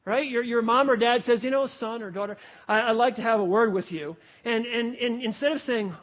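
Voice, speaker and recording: A man preaching a sermon in a lively, conversational way, acting out little voices and asking rhetorical questions. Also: extremely high pitch, brisk, few pauses. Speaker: pastor.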